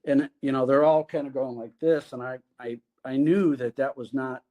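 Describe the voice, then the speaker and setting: A man telling his recovery story as a podcast guest, candid and halting, with pauses. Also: medium pitch, steady tone, darkish tone.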